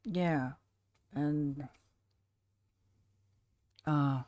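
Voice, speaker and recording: Slow-talking low-voiced woman streamer. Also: dry recording. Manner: chatty, rambling, soft baby talk to her cat. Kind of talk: casual chat to stream chat.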